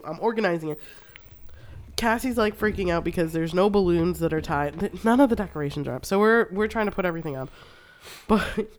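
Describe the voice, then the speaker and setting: A woman co-hosting a podcast, telling casual stories with frequent laughs and swearing. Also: on the low side. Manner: storytelling, swears freely, laughs often. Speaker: podcast co-host. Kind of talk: casual chat.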